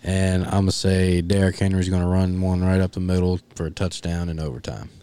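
Male co-host, lowish voice, relaxed joking chat. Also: brisk, clean tone. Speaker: podcast co-host. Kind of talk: casual sports chat.

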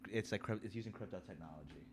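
A man with a low voice talks steadily as a podcast co-host and reads facts aloud. Faint noise hangs behind him. He makes his points in an insistent, measured way. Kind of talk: casual chat.

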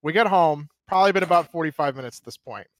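High-voiced man telling a profane story. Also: fast. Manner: animated, profane, laughing. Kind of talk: casual storytelling.

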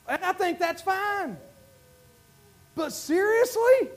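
High-voiced preacher, shouting bursts. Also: male voice, expressive, slow, pauses often. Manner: swings from quiet asides to shouted bursts of praise. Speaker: pastor. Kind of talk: sermon.

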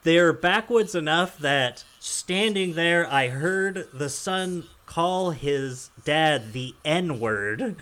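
A man's voice: on the high side, expressive, extremely slow, fairly bright tone, a little hiss or hum. Male podcast host, conversational, rambling storyteller, laughs often. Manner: rambling storytelling with frequent chuckles. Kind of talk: casual podcast chat.

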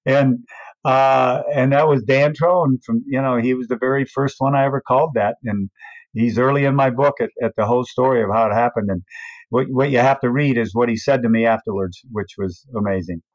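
Older man telling an animated story. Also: brisk, dry recording. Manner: acts out quoted voices with big pitch swings. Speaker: race announcer. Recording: dull, dry recording.

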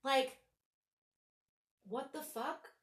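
A woman in her thirties hosting a podcast, telling stories in a casual, animated way, swearing freely and saying "like" a lot. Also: high-pitched, very slow. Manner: animated, swearing, full of "like" fillers. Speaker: podcast host. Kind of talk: casual storytelling chat. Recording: roomy echo.

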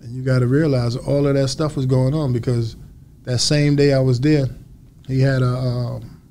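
A man as an interview guest, telling a story in a lively way and acting out other people's lines. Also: mid-range voice, normal speed, a little hiss or hum. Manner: animated storyteller acting out quotes.

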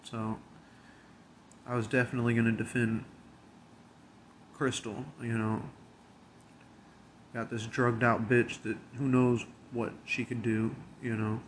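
A man's voice: medium pitch, little pitch movement, takes it slowly, pauses often. A man with a mid-range voice tells a workplace story, blunt and full of swearing. He drawls along casually, with faint noise underneath. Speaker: convenience store worker.

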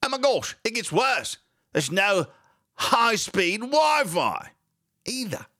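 A man voicing a prissy, scandalized commentator, with high, drawn-out mock outrage. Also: sing-song, pushed and bright, no room sound, clean studio sound, exaggerated voice.

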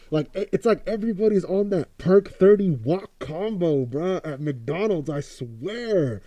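A man's voice: sits high, animated, a little slow, hardly any pauses, mellow, no echo. A young man from Oakland, ranting casually with profane, rambling sarcasm. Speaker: commentator. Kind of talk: casual rant.

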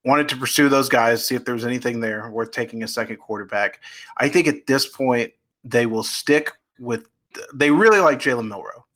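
A man with a bright, forward voice chats as a guest reporter. His talk is loose and hedging, with plenty of "you know"s and restarts. He keeps a mid-range pitch throughout. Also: normal speed. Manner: chatty, hedging with many fillers and restarts. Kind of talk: casual podcast chat.

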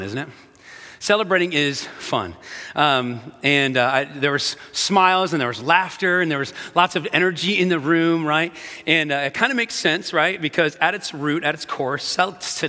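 Upbeat pastor in a reverberant church. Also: male voice, on the high side, sharp tone. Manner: upbeat, playful, talks straight to the congregation. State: a little out of breath. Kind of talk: energetic sermon. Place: church sanctuary. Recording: long hall reverb with faint music.

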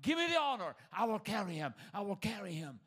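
A man's voice: sits high, big pitch swings, fairly quick, fairly bright tone, exaggerated voice. A man preaching in the voice of a grieving woman who keeps pleading to be allowed to carry the body. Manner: pleading, repetitive, breathless insistence.

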